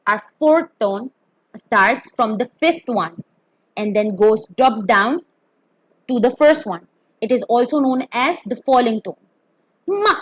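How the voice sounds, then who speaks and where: Slow, careful woman teaching pinyin. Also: on the high side, no echo, rough recording. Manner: careful, demonstrates tones. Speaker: Mandarin teacher.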